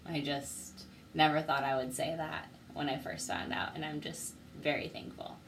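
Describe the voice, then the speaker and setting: A woman's voice: sits low, moderate pace, a little hiss or hum, poor audio. A young woman talking heartfelt and grateful in a personal video diary, close to tears. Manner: heartfelt and grateful, speaks through emotion. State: teary. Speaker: vlogger.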